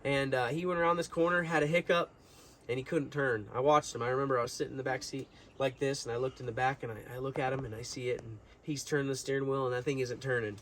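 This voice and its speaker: A man's voice: mid-range voice, fairly even intonation, fast, a bit bright, a little hiss or hum. A young man telling a long story to his viewers in a casual, rambling way, full of fillers and restarts. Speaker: vlogger.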